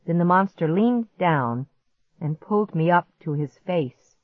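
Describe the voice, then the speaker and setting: Slow, low-voiced woman storyteller. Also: animated, dry recording. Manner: measured, vivid first-person storytelling. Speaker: audiobook narrator. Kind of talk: storybook narration. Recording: dull muffled audiobook recording.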